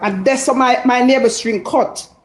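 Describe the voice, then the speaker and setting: A woman's voice: a little high, normal speed, low-quality recording. A woman with a Jamaican accent calling in to a talk show, speaking passionately and emphatically, often repeating herself. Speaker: caller. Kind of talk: call-in chat.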